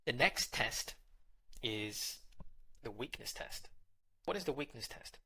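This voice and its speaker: A man's voice: medium pitch, expressive, takes it slowly, bright, forceful tone, breathy edge. A man hosting a dating advice channel, talking straight to the listener in a direct, coaching monologue and now and then acting out little scenes.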